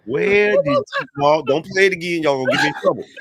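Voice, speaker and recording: A man's voice: high-pitched, wildly swooping pitch, fast talker, vocal fry, over a noisy crowd. A married man in casual podcast banter, protesting in mock defense of himself.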